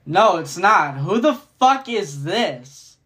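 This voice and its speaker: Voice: medium pitch, big pitch swings, takes it slowly, sharp tone. Profane rambling podcast ranter. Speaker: podcast host. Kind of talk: casual solo rant.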